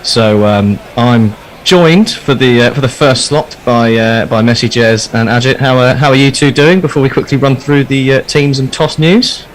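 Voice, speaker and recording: A man at an ordinary pitch hosts live cricket commentary in a relaxed, chatty way. There is a faint hiss behind his voice. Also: moderate pace, few pauses, poor audio. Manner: easygoing, chatty, laughs readily. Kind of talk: casual ball-by-ball commentary.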